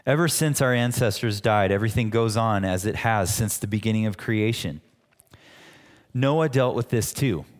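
A man's voice: lowish voice, normal speed. A man preaching a sermon as pastor, teaching in a conversational way with frequent restarts. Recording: long hall reverb.

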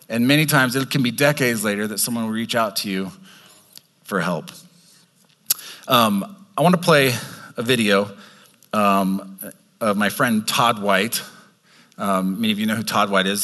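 A man's voice: lowish voice, bright, forceful tone. A man preaching a sermon as pastor, talking in a conversational way and restarting his sentences.

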